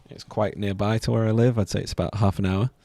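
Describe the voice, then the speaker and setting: Gravelly-voiced man playing a game. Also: on the low side, fairly even intonation, quick pace, dark tone, dry recording. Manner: laughs often, reads dialogue aloud. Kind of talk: casual let's-play commentary.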